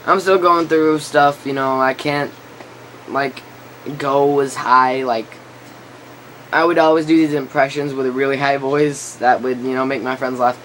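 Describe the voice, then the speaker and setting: A man's voice: mid-range voice, fairly even intonation, measured pace, fairly bright tone, a little hiss or hum. A teenage boy telling a story to camera in a rambling casual way, full of fillers, his voice breaking and cracking now and then. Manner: rambling, lots of filler and restarts. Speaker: vlogger.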